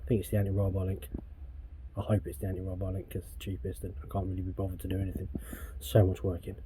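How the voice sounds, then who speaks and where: A man's voice: low-pitched, completely flat delivery, rapid-fire, background noise. An English man vlogging casually while working on his van outdoors, rambling and swearing often in a laid-back way. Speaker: DIY van customizer vlogger.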